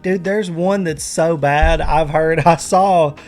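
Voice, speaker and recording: A man's voice: on the high side, slow pace, a little mellow, faint music behind. A young man with an Appalachian accent, hosting a casual chat with laid-back, crude joking. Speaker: host.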